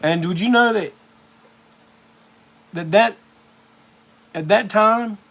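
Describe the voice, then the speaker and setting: A man's voice: sits high, takes it slowly, fairly bright tone. A man hosting a live music show, telling a rambling, profane story in a casual monologue.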